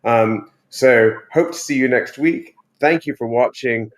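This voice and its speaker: A male host wrapping up a casual interview, talking freely and poking fun at himself. His accent mixes American and British sounds. He speaks at a middling pitch. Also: measured pace. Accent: mixed American-British. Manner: chatty, friendly, self-mocking. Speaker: podcast host.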